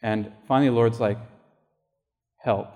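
A man's voice: mid-range voice, fairly quick, darkish tone. A male pastor preaching a sermon, telling a personal story in a conversational way and acting out the voices of people in it. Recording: long hall reverb.

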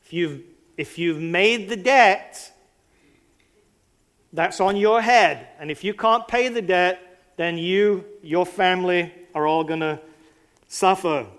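A man's voice: sits high, slow pace, long pauses, fairly bright tone. A man preaching a sermon, talking conversationally and putting rhetorical questions to his listeners.

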